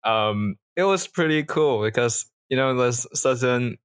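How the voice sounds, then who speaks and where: A man co-hosting a podcast, talking casually in a halting way with restarts and fillers. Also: medium pitch, expressive, clear, resonant tone. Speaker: podcast co-host. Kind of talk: casual chat.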